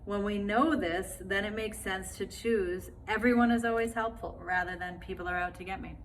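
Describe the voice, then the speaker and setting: A woman's voice: medium pitch, level tone, moderate pace, fairly bright tone, a little hiss or hum. A woman teaching a self-love course in a casual, encouraging way, full of fillers and asides. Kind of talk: spoken course lesson.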